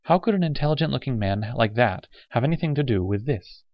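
A man's voice: medium pitch, animated, brisk, no echo, voice pushed up, lightly acted. A cool, disdainful woman, voiced by a male reader in a storybook reading, distant and faintly disgusted. The sound is dull and dry. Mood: protesting.

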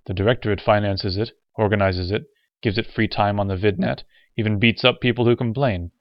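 A man's voice: lowish voice, steady tone, a little fast, dry recording, highs cut off, lightly acted. A man voicing a bitter, sardonic off-world man who speaks harshly and coldly in an audiobook. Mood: scornful.

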